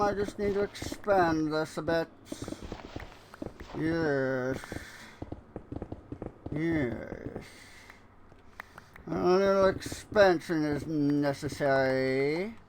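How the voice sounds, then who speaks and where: A streamer voicing a smug, scheming old cartoon villain with a slow, drawn-out, self-satisfied delivery. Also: mid-range voice, background noise.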